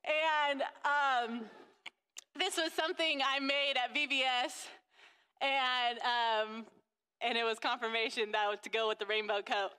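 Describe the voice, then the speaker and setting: A woman's voice: high-pitched, steady tone, measured pace, bright, forceful tone, clean tone, in a large hall. A woman sharing a casual faith testimony about being a mother. She gushes and fills her talk with restarts and fillers. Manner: gushing, full of fillers and restarts.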